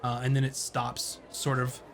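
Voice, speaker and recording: A man running a tabletop game as game master, narrating in a rambling, halting way full of fillers. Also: mid-range voice, monotone, over music.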